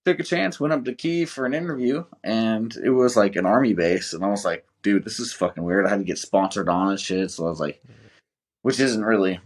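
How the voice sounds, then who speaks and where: A man's voice: on the low side, brisk. A young American man telling rambling, profanity-laced stories in a casual podcast chat. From United States. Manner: profane, rambling storyteller, swears a lot. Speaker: guest, volunteer soldier.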